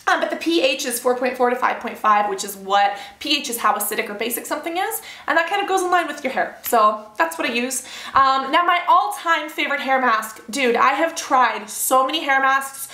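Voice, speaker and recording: A woman's voice: sits high, a little fast, sharp tone. A young woman in her twenties chatting casually through her hair products in a bubbly, rambling vlog style. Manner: chatty, bubbly, lots of fillers and asides. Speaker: beauty vlogger. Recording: roomy echoey home room.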